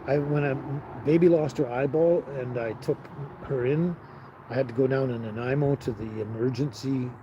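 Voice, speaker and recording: A man's voice: mid-range voice, fairly even intonation, moderate pace, dull audio, background noise. Man rambling on a live stream. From Canada. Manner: rambling, talks to chat viewers by name. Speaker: livestream host. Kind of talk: casual live-stream chat.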